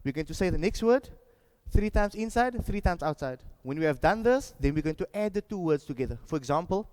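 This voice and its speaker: A man teaching Quran memorisation, leading a group through slow, drawn-out recitation drills with clear instructions. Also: a little high, a little mellow, in a large hall. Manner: instructive, repeats words slowly and drawn out.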